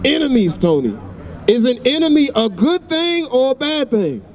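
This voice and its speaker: Insistent high-voiced preaching man outdoors. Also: very animated, normal speed. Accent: Southern US. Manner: insistent, questioning, repeats phrases for emphasis. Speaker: street preacher. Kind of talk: street preaching to a passerby.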